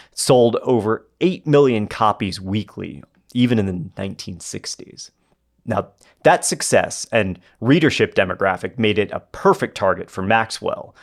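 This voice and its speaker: A man hosting a podcast, telling a history story in a conversational way with asides to his co-hosts. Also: on the low side. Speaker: podcast host.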